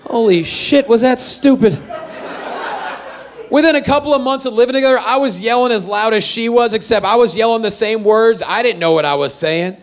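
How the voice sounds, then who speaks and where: A man performing a stand-up comedy set, telling animated, self-deprecating stories. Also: extremely high pitch, a little fast. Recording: live venue with faint audience.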